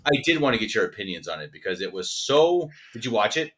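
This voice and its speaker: Lively, bright-voiced man ranting. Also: on the low side, quick pace. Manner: animated, emphatic ranting; repeats words when worked up. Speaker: podcast co-host. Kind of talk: casual chat.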